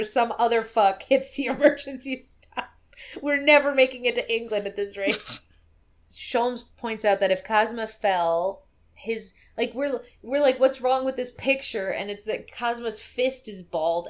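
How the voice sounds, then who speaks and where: Woman, podcast co-host, casual, lively storyteller who acts out quotes. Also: medium pitch. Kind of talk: casual chat recapping a game.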